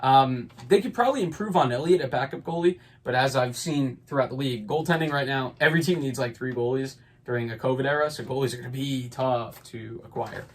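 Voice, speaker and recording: A man hosting a podcast in casual sports talk, with a voice pitched in an ordinary middle range. He rambles and leans on fillers, but stays upbeat about his picks. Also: brisk, hardly any pauses. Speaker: podcast host.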